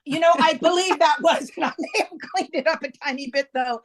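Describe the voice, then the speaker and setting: A woman with a high voice speaks briskly as she hosts her own podcast, giving a casual introduction. Chatty and often laughing, she tells a story with frequent restarts.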